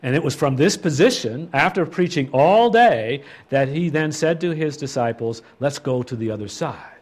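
A man leading a Bible study, reading scripture and reflecting on it in an expressive, thoughtful way. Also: mid-range voice, normal speed. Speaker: Bible teacher.

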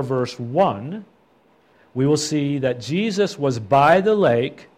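Man teaching a Bible study. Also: on the high side. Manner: expressive, reflective reading of scripture.

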